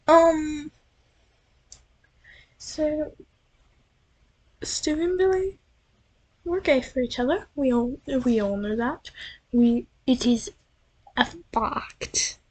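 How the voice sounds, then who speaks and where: A young American vlogger talks into her computer's built-in mic at home at night, her high, slightly mellow voice moving slowly with long pauses. She rambles casually with a faint British-sounding accent that drifts in and out. Chatty and self-deprecating, she restarts often.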